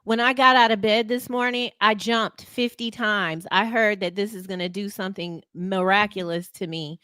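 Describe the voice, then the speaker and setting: A woman co-hosting a casual sports talk show, giving upbeat shout-outs with teasing asides. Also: medium pitch, fairly even intonation, normal speed, clear, resonant tone, no room sound, clean studio sound. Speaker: co-host reading viewer donations.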